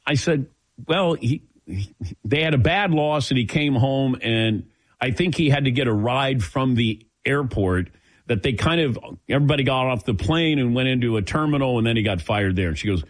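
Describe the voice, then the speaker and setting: Middle-aged male sports radio host, animated, storytelling, casual. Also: medium pitch, normal speed. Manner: storytelling, chuckling, lively. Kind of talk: casual talk radio chat.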